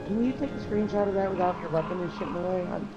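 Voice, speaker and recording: A man's voice: high-pitched, quick pace, highs cut off, music in the background. A young man bantering as a co-op gaming partner, jittery, profane and teasing. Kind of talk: casual gameplay banter.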